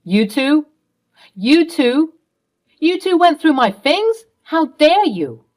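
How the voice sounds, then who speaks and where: A woman's voice: medium pitch, lively intonation, moderate pace, lightly acted. A woman playing a scheming middle-aged stepfather who blusters and stammers when caught. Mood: outraged. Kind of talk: storytime role-play.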